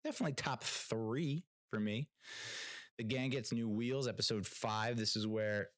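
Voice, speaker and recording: A man's voice: mid-range voice, moderate pace, a bit bright, no echo, studio quality. A young man hosting a casual solo podcast, rambling through opinions with restarts, fillers, casual swearing and laughs at his own jokes. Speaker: podcast host.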